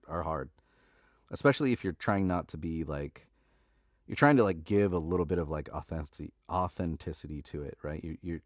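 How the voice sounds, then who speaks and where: A man's voice: low-pitched, no room sound, clean studio sound. A man who narrates audiobooks, chatting casually on a live stream in a laid-back way, with lots of filler words and easy laughs.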